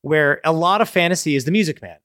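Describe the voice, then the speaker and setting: A man with a slightly high voice talks fast and loose, swearing freely and jumping into quick voices for the characters he imagines. The sound is close and dry, with no room around it. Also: dry recording. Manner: animated, profane, acts out characters' lines. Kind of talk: casual brainstorming chat.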